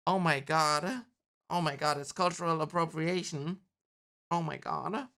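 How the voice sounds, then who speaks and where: A woman streamer reading a film script aloud, stopping to react candidly and swearing freely. Her voice is slightly low and very smooth, and she takes her time with the words. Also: unhurried, pushed and bright.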